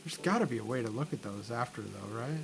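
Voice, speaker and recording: A man's voice: mid-range voice, lively intonation, fast, vocal fry. Chatty young man rambling over game music. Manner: rambling, chatty, easily amused. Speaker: gaming channel host. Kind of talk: casual let's-play commentary. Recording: game music playing underneath. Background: background game music.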